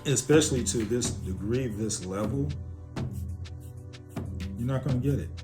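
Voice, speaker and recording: A man introducing a sermon, slow and emphatic, repeating his points. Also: mid-range voice. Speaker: host. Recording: loud music behind.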